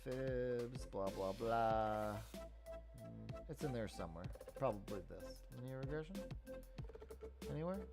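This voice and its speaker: A man in his thirties hosts a live stock-trading stream over music, speaking in a medium-pitched, creaky voice that's a little slow and pauses often. His casual market commentary starts out tired, then turns into an animated, profane rant with lots of swearing.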